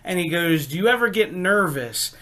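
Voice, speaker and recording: Male podcast host, higher pitch, bright tense tone, quick agreeable interjections. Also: expressive.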